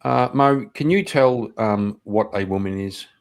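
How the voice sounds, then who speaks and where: A man's voice: on the low side, unhurried. A man on an online panel arguing in a dismissive, laid-back way. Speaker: panel guest. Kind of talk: casual debate chat.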